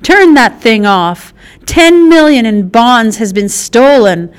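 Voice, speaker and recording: Brief: shrill, imperious rich heiress, high and strident, read by a woman narrator. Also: animated, takes it slowly, clear, resonant tone. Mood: haughty. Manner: imperious, shrieking.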